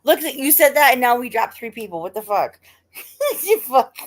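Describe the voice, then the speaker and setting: A woman's voice: a little high, expressive, normal speed. A woman hosting a live stream, chatting casually with her viewers, laughing often and swearing freely. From United States.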